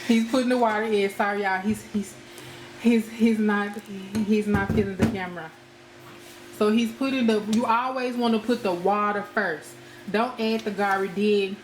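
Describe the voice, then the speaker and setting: A woman's voice: medium pitch, fairly even intonation, normal speed. A woman, a home cooking vlogger, chatting casually to viewers as she shows a dish step by step in her kitchen. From United States. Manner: chatty, addresses viewers as y'all. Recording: echoey kitchen with cooking noise.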